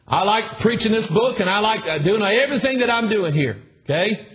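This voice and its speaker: Husky preacher pressing his point. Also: high-pitched, animated, fairly quick. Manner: emphatic, repetitive, calls for amens. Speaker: pastor. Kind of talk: sermon. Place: church with a congregation. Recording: dull lo-fi recording.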